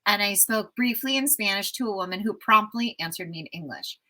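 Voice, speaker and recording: An enthusiastic woman from the United States in her fifties, chatting as an interview guest with a bright, forward tone. She tells travel stories in a lively, eager way. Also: mid-range voice, brisk, poor audio. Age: 50s. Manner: enthusiastic, animated storyteller. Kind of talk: casual storytelling interview.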